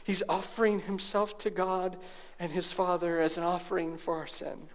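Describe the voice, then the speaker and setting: A man's voice: high voice, little pitch movement, moderate pace. A male pastor delivering a sermon, dropping to near-whispers and rising to raised, emphatic preaching. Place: church sanctuary.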